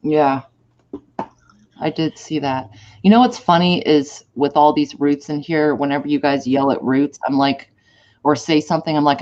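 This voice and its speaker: A woman's voice: sits low, fairly even intonation, moderate pace, darkish tone. A woman co-hosting a casual livestream, chatty and joking. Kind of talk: casual chat. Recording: dull lo-fi stream audio.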